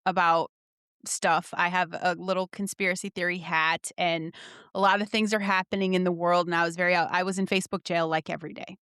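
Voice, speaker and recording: A woman guest on a podcast, talking candidly and swearing freely as she tells animated stories. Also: on the low side, brisk, clean tone, dry recording, studio quality. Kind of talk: candid conversational interview.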